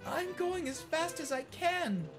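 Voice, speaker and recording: A timid young girl engine from a storybook, stammering and nervous, as a man puts her on. The voice is pushed very high and swoops wildly from note to note. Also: sing-song, unhurried, over music, exaggerated voice.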